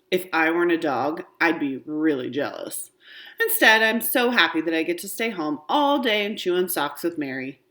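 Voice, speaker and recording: Low-voiced woman reading a children's book. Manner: expressive first-person narration. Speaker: storybook reader.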